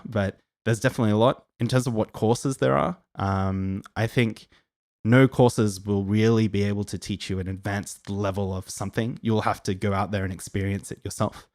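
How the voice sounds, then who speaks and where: A man's voice: fairly low pitch, a little mellow, no echo. Friendly Australian man, dry close sound. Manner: friendly, rambling, many ums and restarts. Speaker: livestream host answering viewer questions. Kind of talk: casual live Q&A chat.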